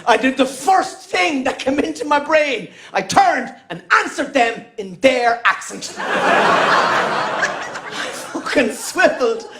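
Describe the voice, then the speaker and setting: A man's voice: very high-pitched, animated, takes it slowly, pauses often, background noise. A middle-aged Irish man telling a stand-up story on stage, emphatic and profane. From Ireland. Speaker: stand-up comedian. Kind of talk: stand-up comedy routine. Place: comedy stage. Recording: echoey venue.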